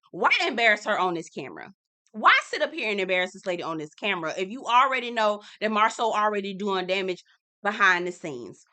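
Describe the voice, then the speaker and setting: A woman's voice: on the high side, pushed and bright. A young adult woman hosting a casual, sassy recap of a reality show, talking straight to viewers and laughing often.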